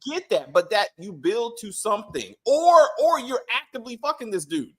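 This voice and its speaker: A man co-hosting a casual TV review chat, animated and exclaiming, acting out characters' lines. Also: extremely high pitch, normal speed. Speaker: show co-host reviewing a TV series.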